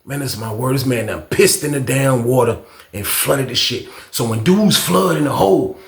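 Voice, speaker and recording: Gravelly man telling a storytime. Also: mid-range voice, moderate pace, roomy sound. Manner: profane, animated storytelling. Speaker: vlogger. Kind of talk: casual storytime.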